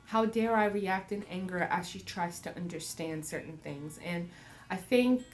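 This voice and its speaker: A woman's voice: fairly low pitch, measured pace. A woman in her thirties, a mother, talking casually and reflectively about raising a child, laughing often and acting out voices. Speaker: parenting vlogger. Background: faint acoustic music.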